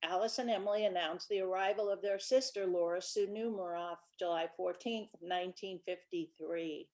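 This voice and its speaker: A woman in her sixties, a children's book author, chatting through stories from her life in a relaxed presentation. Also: on the low side, normal speed. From Brooklyn, New York. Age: 60s. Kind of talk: casual storytelling presentation.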